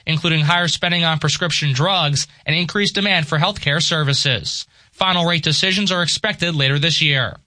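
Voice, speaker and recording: A man reading the radio news in a steady, crisp scripted delivery. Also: fairly high pitch, no room sound. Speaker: newsreader. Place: radio studio. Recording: dry close studio mic.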